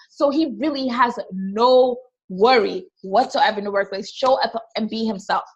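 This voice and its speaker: A woman's voice: on the high side, moderate pace, hardly any pauses, slight background noise, low-quality recording. A young woman with a Trinidadian accent, a podcast co-host telling candid, emphatic stories in casual chat. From Trinidad and Tobago.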